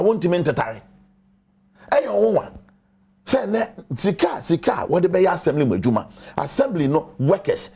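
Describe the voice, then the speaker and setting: A man's voice: a little high, darkish tone, husky. A man arguing emphatically as a panelist on a TV studio talk show, repeating his points. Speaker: political panelist. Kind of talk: heated studio debate.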